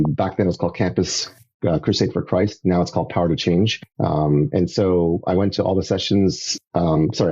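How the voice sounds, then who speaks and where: A middle-aged man from Canada, a podcast guest telling his faith story in a casual, animated way. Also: sits low, breathy edge, muffled recording. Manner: animated storyteller, acts out voices. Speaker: podcast guest, evangelist turned entrepreneur.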